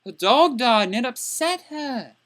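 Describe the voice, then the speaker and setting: A woman's voice: on the high side, lively intonation, measured pace, a bit bright. A woman playing a crude, indignant young man who rants exasperatedly in a comedic character vlog.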